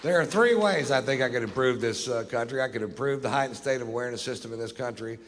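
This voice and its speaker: A male stand-up comedian telling jokes on stage in a dry, deadpan drawl, with plenty of profanity. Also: mid-range voice, fast. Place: theater stage. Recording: live show in a reverberant hall with audience noise. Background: audience laughter.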